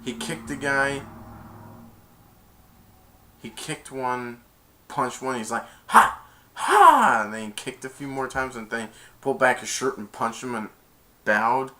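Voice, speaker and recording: A man's voice: medium pitch, fairly even intonation, a little slow, long pauses, sharp tone, a little hiss or hum. A young man casually retelling a movie scene as a reviewer, rambling and stringing events together with "and then". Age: young adult.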